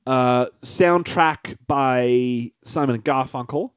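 A man's voice: medium pitch, slow pace, smooth, dry recording. A man co-hosting a podcast, talking in a rambling, joking way with many fillers and restarts. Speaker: podcast co-host. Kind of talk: casual podcast chat.

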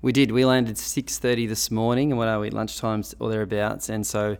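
Gravelly Australian man, upbeat guest. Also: fairly low pitch, flat delivery, fairly quick. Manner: upbeat, enthusiastic, with frequent restarts. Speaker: podcast guest, business owner. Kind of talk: casual interview chat.

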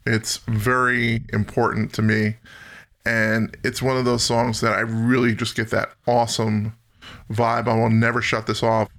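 Man, podcast host, gravelly voice, bright tone, jokey and self-deprecating, casual chat. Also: fairly low pitch, flat delivery, a little slow. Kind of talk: casual music-talk chat.

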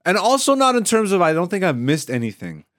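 A man hosting a casual comedy podcast, joking and quick to laugh. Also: high-pitched, very animated, a bit bright, dry recording, studio quality. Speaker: podcast host. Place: studio.

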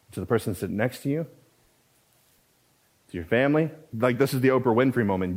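A man's voice: mid-range voice, lively intonation, brisk, long pauses, a little mellow, husky. A man preaching as a pastor, talking conversationally with asides and with repetition for emphasis. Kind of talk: sermon.

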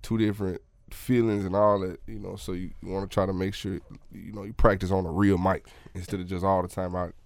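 Laid-back, low-voiced Mississippi studio engineer man. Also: little pitch movement, a little fast, creaky, hardly any pauses, dry recording. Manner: laid-back, explanatory, many fillers. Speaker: podcast co-host, studio engineer. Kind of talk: casual chat.

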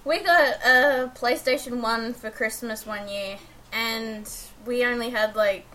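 A woman's voice: a little high, takes it slowly, pushed and bright. A woman chatting casually about video games, giggly and rambling with many hesitations.

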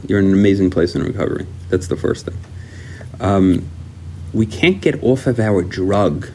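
A man's voice: lowish voice, slight background noise. A man leading a recovery workshop, talking animatedly and acting out little dialogues. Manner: animated, acts out dialogues in raised voice.

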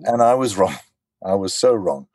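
Low-voiced man telling animated stories. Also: normal speed, dry recording. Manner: animated storyteller, acts out quotes. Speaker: voice actor guest. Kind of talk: casual interview chat.

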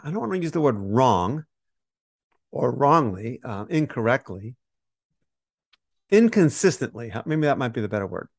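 A man co-hosting a Bible study podcast, explaining scripture in a lively conversational teaching style and acting out the quoted voices. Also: mid-range voice, moderate pace, vocal fry, no echo. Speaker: podcast co-host teaching on Romans.

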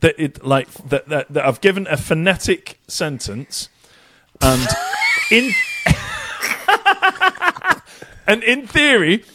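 A man's voice: on the high side, very animated, slow pace, long pauses, pushed and bright. A British man hosting a casual podcast, rambling and laughing often, swearing freely. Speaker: podcast host.

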